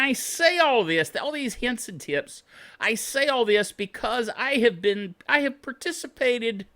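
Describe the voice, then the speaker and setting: A man hosting a tech show, talking straight to camera in a lively, swooping voice with a bright, sharp edge. He gripes like a cheerful curmudgeon, chuckles a lot and keeps asking "okay?" between his tips. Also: very high voice. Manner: griping, self-styled curmudgeon; chuckles often, tags lines with "okay?".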